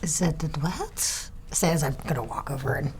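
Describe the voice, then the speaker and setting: A woman's voice: deep voice, lively intonation, moderate pace, darkish tone, a little hiss or hum. A woman playing her character in a tabletop game, charming and playful, slipping into whispers. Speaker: player. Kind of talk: in-character tabletop role-play.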